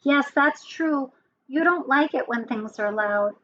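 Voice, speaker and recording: A woman teacher telling a story to young children, animated and asking them questions. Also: high voice, unhurried, dull audio.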